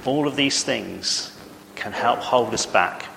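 A man's voice: mid-range voice, takes it slowly, vocal fry, a bit bright, big-room sound, a little hiss or hum. A man preaching a sermon in a church, earnest and conversational, often asking the congregation questions.

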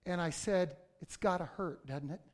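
A middle-aged male pastor preaching a conversational sermon that breaks into sudden loud outbursts. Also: high voice, moderate pace.

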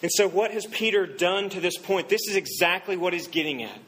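A man preaching a sermon, telling a story and quoting its people in a softer voice. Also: sits high, brisk, slight background noise, rough recording. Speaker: pastor.

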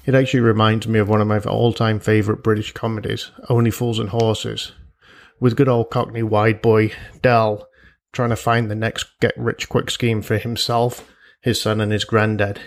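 A man's voice: lowish voice, level tone, moderate pace, vocal fry. A man hosting a solo personal finance podcast, chatty and jokey, with asides and imagined quotes from listeners. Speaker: podcast host.

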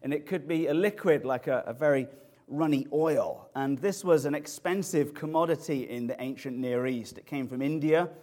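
A man delivers a sermon with lively, animated expository preaching. His voice sits a little higher than most men's. He turns word studies into vivid storytelling. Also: normal speed.

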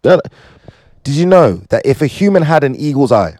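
A man casually reading out fun facts, joking and riffing on them in quick asides. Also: a little high, dry recording. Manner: animated, jokey, asides to himself. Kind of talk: casual fun-fact commentary.

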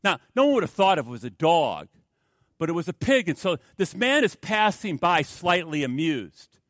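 A male preacher delivering a storytelling sermon, lurching from shouted outbursts down to hushed, almost whispered warnings. His voice sits a little high for a man, and the recording is close and dry. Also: very animated, moderate pace, no echo. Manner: dramatic swings from loud exclamations to hushed near-whispers; acts out quoted dialogue.

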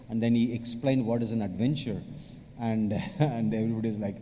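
Mellow-voiced preacher man in a hall. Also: fairly low pitch, fairly even intonation, fairly quick. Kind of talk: testimony in a sermon. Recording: hall reverb, faint background noise.

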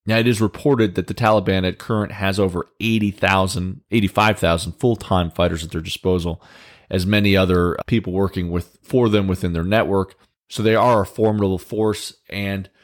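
Wry low-voiced male news commentator. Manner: conversational, wry, sarcastic asides. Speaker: political commentator.

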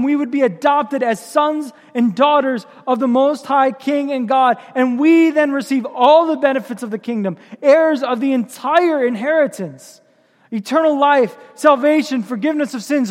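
A man's voice: very high voice, in a large hall. A man preaching a sermon as pastor, with impassioned, building emphasis.

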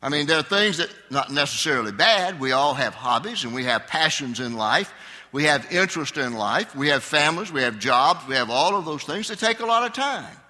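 An older pastor with a somewhat high voice preaches a conversational Sunday sermon in a church sanctuary, putting questions to his congregation. His delivery is animated and brisk with a sharp tone, and the recording carries a long hall reverb.

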